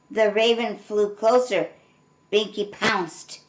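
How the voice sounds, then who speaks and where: Slow, gentle grandmother reading a storybook. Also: mid-range voice, very noisy. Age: older. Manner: gentle, unhurried, chatty asides. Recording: roomy echo.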